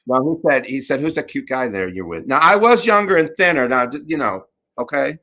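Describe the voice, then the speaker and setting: This middle-aged man hosts a talk show, speaking at medium pitch and normal speed. His delivery is campy and chatty, full of laughter and animated storytelling in a relaxed conversation.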